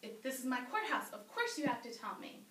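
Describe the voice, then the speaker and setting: A woman voicing a stern male judge who makes authoritative demands. Her voice is bright and high, and it echoes from afar. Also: sing-song, brisk, slight background noise. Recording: roomy, distant live-stage mic.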